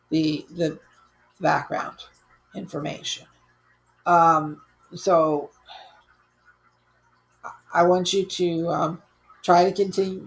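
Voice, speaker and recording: A woman's voice: lowish voice, vocal fry, a little mellow, rough recording. A woman college instructor giving a recorded online course lecture in a conversational, easygoing way, with frequent fillers and restarts.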